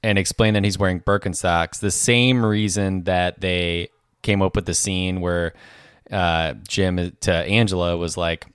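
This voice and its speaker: Man, very low voice, smooth, podcast co-host, matter-of-fact. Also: fairly even intonation, a little slow, fairly bright tone, no room sound, studio quality. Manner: explanatory, matter-of-fact trivia telling. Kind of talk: casual chat.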